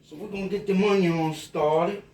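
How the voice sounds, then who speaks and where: A man's voice: high-pitched, fairly even intonation, moderate pace, a little mellow, roomy sound, slight background noise. A tipsy man with a Louisiana Cajun accent, cooking and rambling in a folksy, drawling way for a casual cooking vlog. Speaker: home cook.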